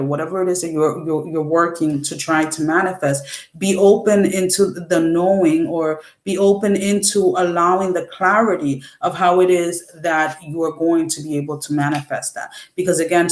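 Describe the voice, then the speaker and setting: A woman's voice: sits low, roomy sound. A woman giving a casual tarot reading, rambling and correcting herself as she talks to her viewers. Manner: rambling, self-correcting, chatty. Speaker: tarot reader.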